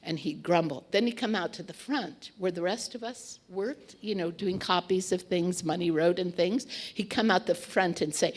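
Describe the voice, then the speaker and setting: A woman's voice: on the low side, expressive, measured pace. Woman rambling through an old story, lots of ums, plays out little quotes. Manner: chatty, with fillers and restarts, acting out quotes. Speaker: storyteller recalling memories. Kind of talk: casual anecdotal storytelling.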